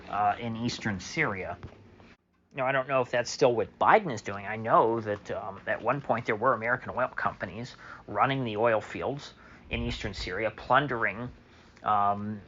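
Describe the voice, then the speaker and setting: Sarcastic guy ranting solo, bright voice, kinda dull audio w faint hiss. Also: medium pitch. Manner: sarcastic, mocking mimicry, many fillers. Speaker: political commentator. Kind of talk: solo opinion monologue.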